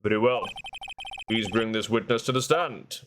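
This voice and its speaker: A man's voice: lowish voice, normal speed, noisy background, natural voice. A man voicing a fussy, formal older male judge in a courtroom game. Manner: formal, ceremonious.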